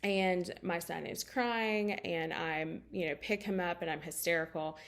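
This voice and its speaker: A woman's voice: lowish voice, a little slow, a bit bright. A life coach in her thirties telling a personal story in a candid, emotional way, with many fillers.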